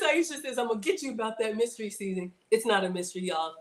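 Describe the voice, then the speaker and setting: A woman's voice: fairly high pitch, expressive, very fast, few pauses, echoey room. A woman hosting a casual cooking livestream, chatting to viewers as she works. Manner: chatty, addresses viewers as y'all; playful outbursts and sing-song bits.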